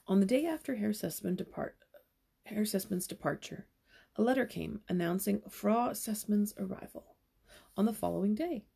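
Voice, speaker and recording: A young woman reads a children's novel aloud, stopping now and then for casual asides. Her voice is strongly gravelly and a bit husky, with a dark, mellow tone. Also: medium pitch, moderate pace. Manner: casual asides between passages. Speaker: storyteller.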